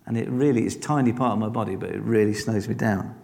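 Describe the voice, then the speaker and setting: Quick-paced and a little mellow, with a creaky edge, this man's lowish voice carries through the long reverb of a church hall. He preaches conversationally, encouraging listeners and asking rhetorical questions again and again.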